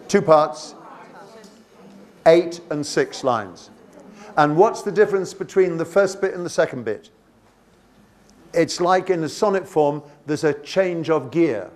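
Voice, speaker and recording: A man's voice: a little high, a little mellow. A man leading a teacher workshop, reading poem lines aloud and asking the room questions, with many restarts. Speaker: teacher trainer.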